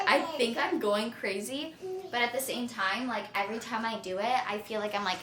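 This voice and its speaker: Young woman, lifestyle vlogger, slightly high and chatty; home kitchen, echoey room with noise behind. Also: normal speed, fairly bright tone. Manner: chatty, full of "like" fillers. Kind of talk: casual vlog chat to camera.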